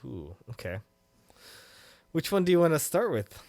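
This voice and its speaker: A man's voice: a little high, moderate pace, creaky, no echo. A man co-hosting a podcast, chatting casually and animatedly, swearing freely. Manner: animated, swears freely, bursts into loud laughs. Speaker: podcast co-host. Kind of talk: casual chat.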